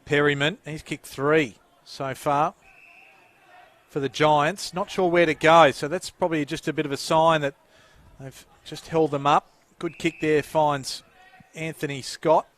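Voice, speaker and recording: A man's voice: a little high, steady tone, fairly bright tone. An Australian man doing play-by-play football commentary through a headset, lifting his voice on the action calls. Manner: lifts and quickens on the action calls. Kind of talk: sports commentary.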